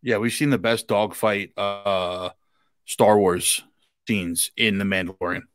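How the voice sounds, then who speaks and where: A man co-hosting a casual podcast, relaxed and easygoing, often chiming in with agreement. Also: lowish voice, a little slow, no room sound, clean studio sound. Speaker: podcast co-host. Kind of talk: casual chat.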